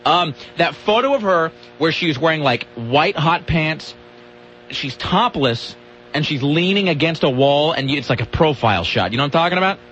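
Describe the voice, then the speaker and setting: A man's voice: on the high side, lively intonation, moderate pace, fairly bright tone, dull audio, slight background noise. A man hosting a radio talk show, joking and rambling through casual banter and laughing often.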